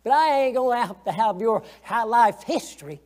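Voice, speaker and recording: A man's voice: very high-pitched, lively intonation, moderate pace, a little mellow. A man teaching a Sunday school lesson, folksy and colloquial, asking the class questions as he goes.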